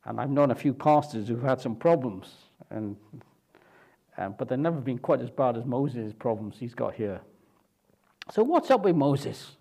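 A man's voice: medium pitch, lively intonation, measured pace, vocal fry, long pauses, a little mellow, slightly rough. A man pastor preaching a sermon in a conversational way, often asking the congregation rhetorical questions.

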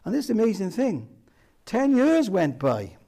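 A man preaching a sermon, earnest, often dropping to soft, emphatic phrases. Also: high voice, wildly swooping pitch, measured pace, vocal fry.

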